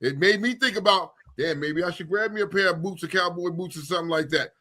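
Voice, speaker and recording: A man from New York City co-hosting a radio talk show, bantering in an animated, slangy way and cutting in to tease his co-host. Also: sits high, quick pace. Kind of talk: casual banter.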